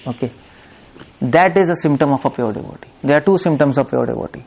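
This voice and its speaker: Speaking fast in a lecture hall, this preacher has a medium-pitched, darkish voice with vocal fry. His devotional discourse is built around a story whose voices he acts out, laughing between points.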